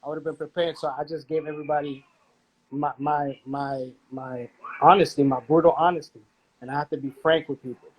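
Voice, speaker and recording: A man, a rapper, chatting casually in a playful, animated way with loud outbursts. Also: fairly high pitch, brisk, lo-fi sound. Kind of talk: casual chat.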